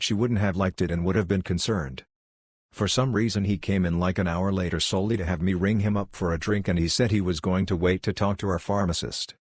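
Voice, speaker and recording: A man reading online posts aloud as narrator, in a steady, plain storytelling read. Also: sits low, no echo, clean studio sound.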